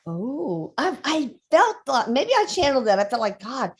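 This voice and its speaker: A woman's voice: high-pitched, sing-song, slightly rough. A woman co-hosting a casual livestream, reading out viewer questions with chatty asides. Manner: chatty, reads questions aloud, quick asides.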